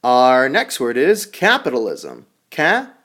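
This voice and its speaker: A man teaching English vocabulary, leading a call-and-repeat drill with slow, exaggerated enunciation. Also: mid-range voice. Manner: animated, sing-song teacher delivery. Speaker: ESL teacher.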